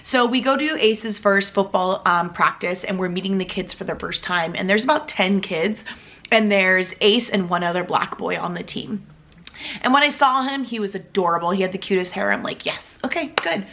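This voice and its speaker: A woman's voice: mid-range voice, moderate pace, pushed and bright. A woman in her thirties, an adoptive mother, telling a heartfelt story to her vlog audience in a chatty way with lots of fillers. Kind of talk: casual storytelling to camera.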